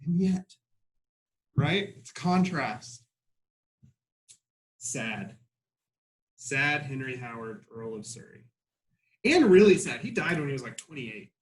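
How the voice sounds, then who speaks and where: A man teaching a literature class in a classroom, lively and full of rhetorical questions, often asking "right?". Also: medium pitch, takes it slowly, long pauses, poor audio. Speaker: high school literature teacher.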